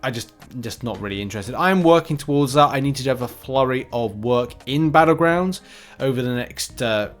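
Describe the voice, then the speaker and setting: A man's voice: medium pitch, animated, a little fast, soft background music. A man hosting a casual gaming news roundup, chatty and rambling, with frequent fillers and restarts.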